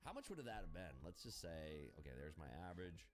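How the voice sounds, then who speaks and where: A man livestreaming his futures trading, chatting casually with viewers, profane, excitable and jokey. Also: low-pitched, brisk. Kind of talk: casual live-stream chat, answering viewers.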